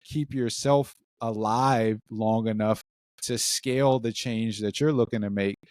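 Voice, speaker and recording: A man co-hosts a podcast in a rambling way, piling up wry, searching questions. His voice is on the low side. The sound is dry and close, with no room echo. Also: fairly even intonation, unhurried, darkish tone. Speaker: podcast co-host. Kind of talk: candid podcast conversation.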